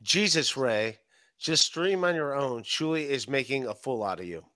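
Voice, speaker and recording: A man's voice: mid-range voice, lively intonation, moderate pace, pushed and bright, no echo. A man co-hosting a podcast in casual chat, cracking jokes and reading out viewer messages. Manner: wisecracking, reads chat messages aloud. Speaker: podcast co-host reading super chats.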